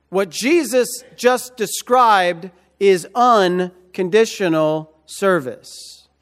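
A man preaching in a high, light voice. He speaks slowly and deliberately, repeating key phrases and pressing his listeners with rhetorical questions. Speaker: pastor. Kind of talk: sermon.

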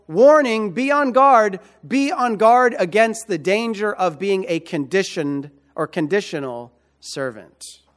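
A man preaching a sermon, repeating key phrases and asking emphatic rhetorical questions. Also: high-pitched. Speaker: pastor.

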